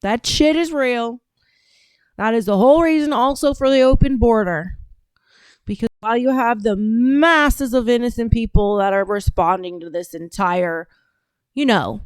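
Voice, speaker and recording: A woman's voice: on the high side, expressive, measured pace, clear, resonant tone, no room sound, clean studio sound. A woman hosting a casual livestream, reading out chat and talking in a brash, profane, drawling way.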